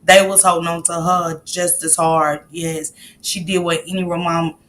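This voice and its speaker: A woman's voice: on the low side, level tone, a little slow, fairly bright tone, slight background noise. A woman hosting a live stream, talking emotionally to her viewers and greeting them by name as she comments.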